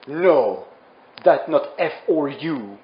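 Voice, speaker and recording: A man voicing a big, hostile supermarket worker who speaks slowly and menacingly. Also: on the high side, expressive, slight background noise. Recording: roomy, dull lo-fi sound.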